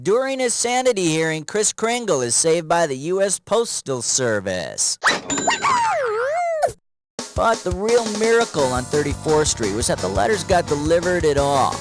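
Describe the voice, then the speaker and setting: Guy doing a high, bouncy quiz host, cracks jokes, game music behind. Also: measured pace. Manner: wisecracking, chuckling, energetic. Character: smarmy male game show host. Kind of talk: scripted game show hosting.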